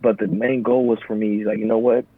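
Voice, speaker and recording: A young veteran talks through his life in a relaxed, cursing interview manner, slipping into higher voices to mimic customers. His voice sits low with a husky edge. The recording sounds narrow, like a phone line. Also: fairly quick, no echo. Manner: profane, animated storyteller who acts out customers in higher voices. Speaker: podcast guest, Marine veteran. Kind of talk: casual conversational interview.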